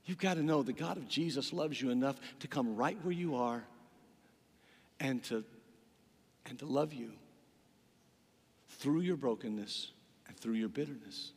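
A man's voice: mid-range voice, slightly rough, long reverb tail. A man preaching a sermon as pastor, telling a story with dramatic delivery and acting out the voices in it.

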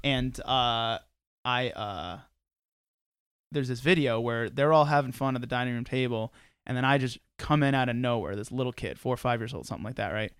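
Young guy hosting a podcast, smooth clear voice, dry close sound, rambling animated stories. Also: mid-range voice, moderate pace, dry recording. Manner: animated storyteller, many restarts and fillers. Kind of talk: casual conversation.

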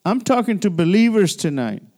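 A man's voice: sits high, sing-song, normal speed, darkish tone. A man pastor preaching a midweek church sermon in a conversational style, with frequent restarts and call-and-response. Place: church sanctuary.

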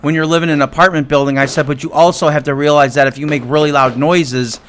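Man, slightly high voice, podcast co-host, animated storyteller, profane, acts out dialogue. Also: quick pace, a little hiss or hum. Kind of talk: casual storytelling chat.

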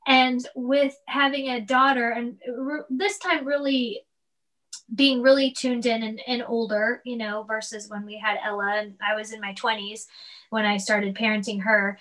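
A woman in her thirties with a high voice talks in a loose, rambling way. She restarts sentences and piles on fillers, animated as she chats casually about family life. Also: normal speed. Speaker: guest, mother. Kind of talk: casual chat.

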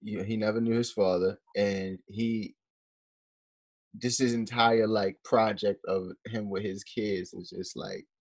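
A man's voice: lowish voice, fairly even intonation, unhurried. A man hosting a casual interview, asking loose questions and affirming his guest. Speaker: podcast host.

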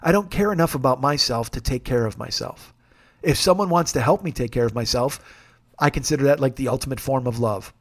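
A man's voice: mid-range voice, a little fast. A middle-aged man talking in a candid, profane, self-deprecating way, rambling and restarting as he hosts a confessional podcast monologue. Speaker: podcast host.

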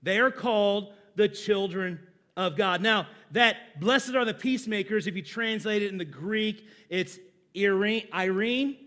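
A man pastor preaching a sermon in a church, leading call-and-response with slow, deliberate delivery and sudden loud emphases. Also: high voice.

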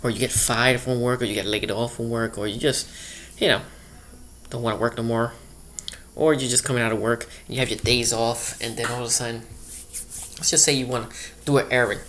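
A man's voice: mid-range voice, fairly even intonation, brisk, long pauses, a bit bright, slight background noise. A man doing a rambling comedic monologue, full of loose asides and repeated "you know".

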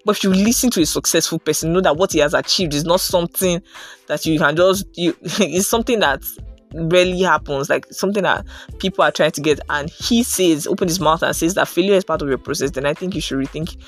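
A woman's voice: low voice, brisk, faint music behind. A young woman giving an earnest, casual motivational talk. She fills her speech with "like" and "right?". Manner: earnest, animated, many fillers like "like" and "right?". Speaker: motivational podcaster.

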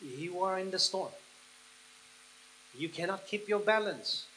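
A man preaching a sermon, leading the listeners through a guided picture with slow, soft pauses that build into excited passages. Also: high-pitched, slight background noise, rough recording. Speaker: pastor.

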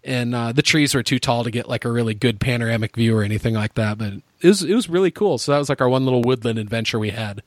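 A man's voice: mid-range voice, fast, hardly any pauses, no echo. A young man telling a travel story in casual chat, rambling and swearing, laughing often. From United States. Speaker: podcast co-host.

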